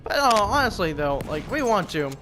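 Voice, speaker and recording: This young man from the United States curses and rambles while gaming, drifting from topic to topic with asides as music and gunfire play. His high-pitched voice is very animated and a little fast.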